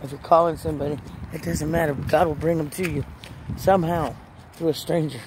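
A woman's voice sits low, steady in tone and brisk, as this Christian vlogger preaches and shares her personal faith testimony in or by a parked truck outdoors. Her emotion and earnestness build into urgent rhetorical questions for the listener, over clearly audible traffic and outdoor noise.

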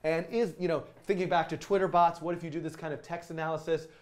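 A man with a voice pitched a bit above most, teaching casually on a live stream. He talks in an enthusiastic, rambling way, full of ums and self-corrections, now and then drifting away from the mic. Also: fairly even intonation, fast.

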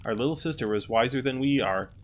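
A man's voice: mid-range voice, fast, slight background noise, close to an everyday voice. A man voicing a dismissive young middle sister in a storybook reading.

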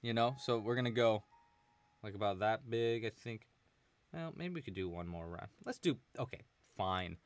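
A man's voice: on the low side, moderate pace, no room sound. A man leading a live crochet tutorial, chatting casually and counting stitches aloud as he works. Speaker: crochet instructor.

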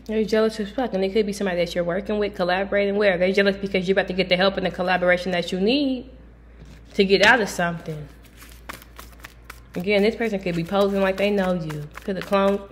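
A woman's voice: mid-range voice, fairly even intonation, quick pace. Blunt, profane woman tarot reader. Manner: blunt and profane, with loud sudden outbursts. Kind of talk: casual tarot reading to viewers.

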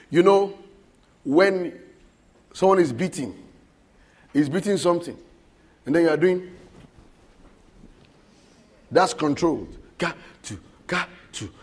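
A man preaching a sermon, animated and often putting questions to the congregation. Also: fairly high pitch.

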